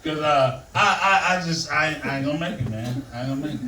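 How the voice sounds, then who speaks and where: A man's voice: on the high side, fast talker, bright, forceful tone, slight background noise. An older man doing a stand-up comedy set on stage, telling loose, rambling stories to a live audience. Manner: loose, storytelling, Southern-flavored delivery. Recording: echoey room, mic heard from a distance.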